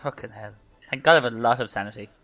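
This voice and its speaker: A man's voice: mid-range voice, racing, a bit bright. A man playing a tabletop game, joking and laughing easily with the group. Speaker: player. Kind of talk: casual game chat.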